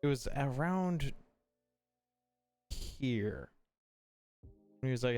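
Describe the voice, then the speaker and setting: A man's voice: mid-range voice, lively intonation, very slow, long pauses, a little mellow, smooth, soft background music. Casual swearing male streamer. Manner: thinks aloud, swears casually, apologetic. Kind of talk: casual live-stream chat. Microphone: streaming mic through an audio mixer.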